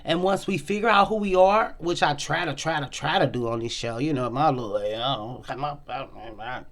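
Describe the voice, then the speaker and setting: A woman hosting a casual commentary vlog, talking bluntly and profanely, and acting out quoted people with big jumps in pitch. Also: moderate pace. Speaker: host.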